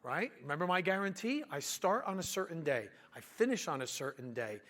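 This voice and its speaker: An animated man tells a business story, acting out the quotes as he goes. His voice sits high for a man, and he speaks like a business owner addressing an audience. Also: fairly quick.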